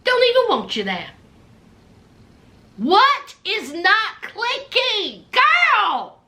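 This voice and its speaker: A woman's voice: very high voice, huge pitch swings, drawn-out words, bright, forceful tone. A woman, recapping a reality show in a blunt, sassy way to her viewers. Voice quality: thick accent. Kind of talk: casual recap vlog.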